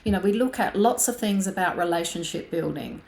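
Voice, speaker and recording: A woman co-hosting a casual, reflective chat who speaks softly, affirms often and leans on "you know". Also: on the low side, animated, fairly quick, gravelly. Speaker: podcast co-host. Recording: echoey room.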